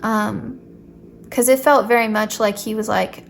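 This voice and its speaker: Speaking a little slowly at medium pitch with fairly even intonation and some vocal fry, a young woman with a sweet voice gives a playful, casual tarot reading. She talks straight to her viewers, chatty and saying "like" frequently. A bit of hiss or hum is audible.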